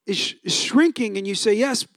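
A middle-aged male pastor with a strikingly high voice, delivering a sermon in an animated storytelling manner. He acts out scenes and bursts into loud, excited lines. The sound is dry and close, with no room echo. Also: normal speed.

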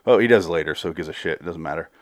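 A man's voice: low-pitched, no echo, clean studio sound. A man casually recapping a TV episode, rambling, swearing freely and laughing as he goes. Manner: rambling, swears freely, laughs, quotes characters in quick bursts. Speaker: podcast host recapping a TV episode.

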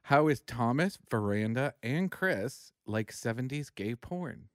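A man's voice: medium pitch, animated, measured pace, no echo. A man co-hosting a casual comedy podcast in a studio, playful and teasing. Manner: playful, teasing, bouncy delivery. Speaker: podcast co-host. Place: radio studio.

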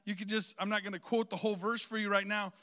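A man's voice: high voice, little pitch movement, quick pace, bright, forceful tone, in a large hall. A man preaching a sermon, outgoing and talkative, calling on the congregation to repeat phrases after him.

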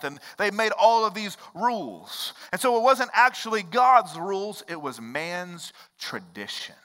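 A man preaching a sermon as pastor, swinging between loud exclaims and hushed low lines and acting out the quoted voices of characters. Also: animated, normal speed, in a large hall.

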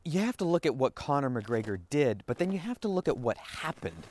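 A man's voice: medium pitch, very animated, brisk, a little mellow. A man hosting a solo podcast, rambling and interrupting himself, slipping into little acted-out quotes, speaking as a parent. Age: adult parent. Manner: rambling, self-interrupting, acts out quoted voices. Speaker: podcast host.

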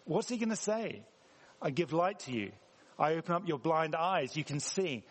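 A man's voice: fairly high pitch, big pitch swings, a little slow, a little hiss or hum. A man preaching a sermon in a church, talking conversationally and putting questions to the congregation. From England. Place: church hall. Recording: reverberant church hall.

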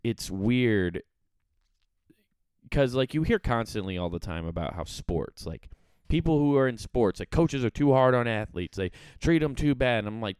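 A man's voice: medium pitch, expressive, normal speed, darkish tone, smooth, dry recording. A young man hosting a casual podcast chat, ranting profanely with lots of filler words. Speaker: podcast host. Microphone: studio mic.

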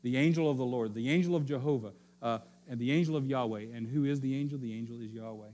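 A pastor preaching a teaching sermon, repeating key phrases and often checking in with his listeners, sometimes dropping to a quiet low voice to stress a point. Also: fast.

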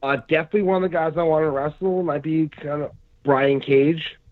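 A man, a pro wrestler, chatting casually on a podcast in a rambling, halting way full of fillers. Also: on the high side, steady tone. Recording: dry, phone-like lo-fi sound.

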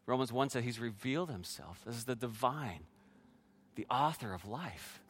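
A man's voice: mid-range voice, animated, normal speed, fairly bright tone, slightly rough. A man preaching a sermon as pastor, sharing his own testimony in an earnest way and speaking directly to the congregation.

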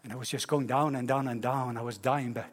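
A man preaching a sermon at a service, telling stories in an animated way that swings from loud bursts to hushed tones. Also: medium pitch, fairly quick. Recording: reverberant church hall.

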